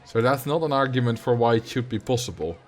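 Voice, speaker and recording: A man's voice: mid-range voice, animated, fast talker, darkish tone, soft background music. A man whose first language is Dutch, joking with his chat in a casual livestream while he plays. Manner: jokey, bantering with chat. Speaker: streamer.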